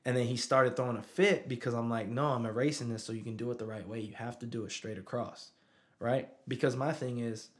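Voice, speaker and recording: A man's voice: medium pitch, steady tone, fairly quick. A man in his thirties, a father telling a story in casual conversation, who often asks "you know what I'm saying". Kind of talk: casual chat.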